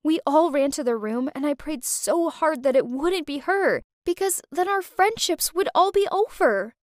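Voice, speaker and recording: A young woman narrating a dramatic first-person story in a lively, emotive way. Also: high-pitched, moderate pace, dry recording, clean studio sound.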